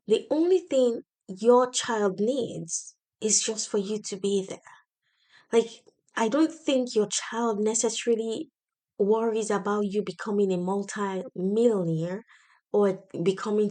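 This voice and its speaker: A woman's voice: mid-range voice, warm tone. Earnest, encouraging woman podcast host. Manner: earnest and encouraging, speaking with faith. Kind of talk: casual solo podcast monologue. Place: home office.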